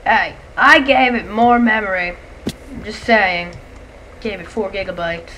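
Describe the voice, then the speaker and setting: A woman giving casual gameplay commentary, excitable and chatty, yelling and shrieking when monsters attack and chatting to the creatures. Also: medium pitch, measured pace, slight background noise. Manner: excitable, shrieks and yells at enemies; chatty, talks to game creatures. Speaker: let's play gamer.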